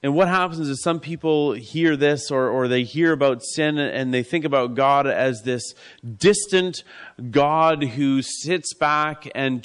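A man delivers a sermon in an earnest, pastoral way, repeating his key lines for weight. His voice sits at an ordinary middle pitch and often sinks to a soft, intimate hush. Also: clean tone. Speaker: preacher.

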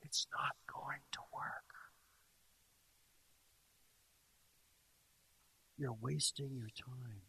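A man's voice: medium pitch, fairly even intonation, moderate pace, husky, dry recording, lightly acted, rough recording. A man voicing a sly male devil who whispers doubts into the listener's ear. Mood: sneering whisper. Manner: hushed, insinuating whisper.

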